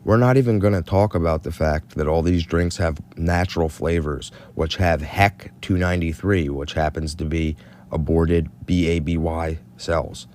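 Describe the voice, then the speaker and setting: Low-voiced male monologue, conspiratorial and incredulous. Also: steady tone, moderate pace, darkish tone, a little hiss or hum. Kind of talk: scripted monologue.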